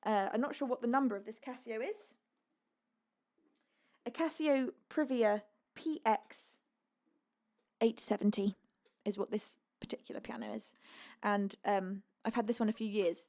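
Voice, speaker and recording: A woman's voice: fairly high pitch, darkish tone. Chatty, giggly woman from the UK. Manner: chatty and giggly, reads chat aloud. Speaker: singer-songwriter streaming host. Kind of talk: casual live-stream chat.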